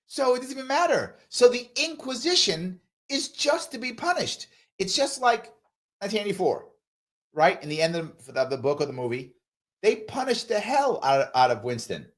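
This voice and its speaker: A man runs a live ask-me-anything stream, taking viewer comments one by one. His pitch swoops up and down as he stresses points, and he repeats key phrases for emphasis. He also slips into mocking impressions of the people he argues against. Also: very animated, moderate pace, a bit bright. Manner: does mocking voices of opponents.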